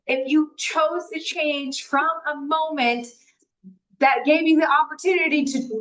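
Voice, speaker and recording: A woman with a high-pitched, a bit bright voice and fairly even intonation gives a candid spiritual talk on a live stream, heard through poor audio. She swears freely and acts out her inner thoughts, then later reads slowly from a book.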